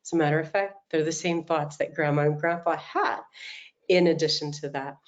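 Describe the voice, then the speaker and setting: A middle-aged woman coach giving an animated motivational talk, telling stories and acting out quotes, over a video call. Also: low-pitched, brisk, muffled recording. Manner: animated storytelling, acts out quotes.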